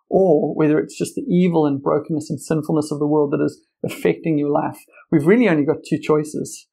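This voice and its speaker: A man's voice: a little high, creaky, darkish tone, rough recording. A young man preaching an earnest, conversational sermon with personal stories. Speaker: pastor.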